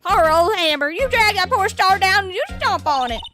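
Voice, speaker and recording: Woman doing a cranky old lady guard, shrill, scolding, swoops high and low. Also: animated, moderate pace, a bit bright, faint music behind.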